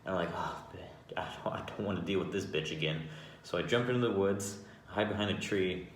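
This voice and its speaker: Deep-voiced man telling a profane story. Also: fast talker. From Arizona, United States. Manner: profane, animated, with frequent restarts. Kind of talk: casual storytelling to camera. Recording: echoey room, faint background hiss.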